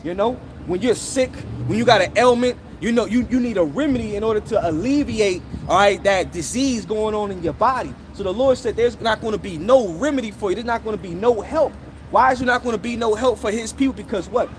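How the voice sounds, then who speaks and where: High-voiced man preaching on the street. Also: fairly quick, slight background noise. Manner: peppers every phrase with "all right?" and "okay?"; scolding, accusing listeners directly. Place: outdoors on a city street.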